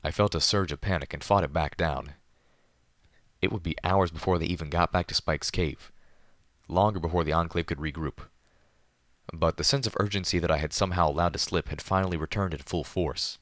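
A man narrating a story in first person in a measured, deliberate manner. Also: low-pitched, fairly bright tone, no echo, studio quality. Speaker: audiobook narrator.

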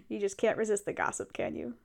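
A young adult woman in a casual role-play monologue, chatting and venting to her partner in an animated way. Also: medium pitch, vocal fry. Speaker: audio role-play performer.

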